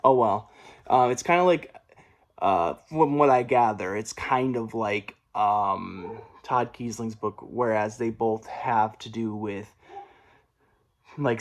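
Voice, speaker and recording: Rambling young man chatting about books. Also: mid-range voice. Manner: rambling, with fillers and self-corrections; mild stutter. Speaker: book vlogger. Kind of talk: casual video chat about books.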